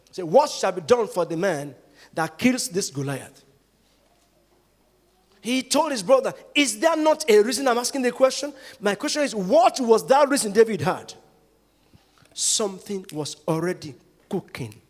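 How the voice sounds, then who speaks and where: A Nigerian man preaches to his congregation, his voice high and full of leaps. He jumps from near shouts to quiet murmurs. The sound carries a long reverb from a large church hall. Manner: preaching with sudden loud rises and hushed drops. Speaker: pastor. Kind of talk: sermon.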